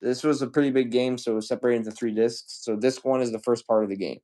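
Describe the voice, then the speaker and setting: A man selling used games on a livestream, rambling casually with profane jokes and shout-outs to chat. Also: medium pitch, fairly even intonation, fast talker. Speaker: live sale seller.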